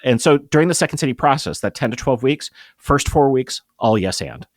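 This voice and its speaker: A middle-aged man talking as a guest in an interview, explaining with emphatic, lively energy. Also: medium pitch, a little fast, no echo, clean studio sound. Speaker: guest, improv comedy producer. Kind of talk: conversational interview.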